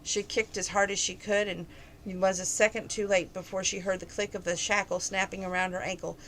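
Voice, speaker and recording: A woman's voice: medium pitch, little pitch movement, brisk, a bit bright, slight background noise, low-quality recording. A woman reading a novel aloud, with frequent stumbles and self-corrections. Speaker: reader of a novel.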